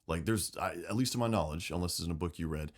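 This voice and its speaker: Male podcast co-host, very low voice, casual and profane. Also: quick pace. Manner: animated, swearing, acts out quotes. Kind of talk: casual lore chat.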